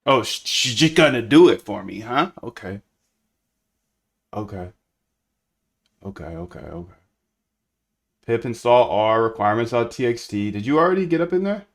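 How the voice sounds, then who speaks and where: A man's voice: mid-range voice, big pitch swings, normal speed, long pauses. Chatty man thinking aloud while coding. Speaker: coding streamer. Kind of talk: casual live-coding chat.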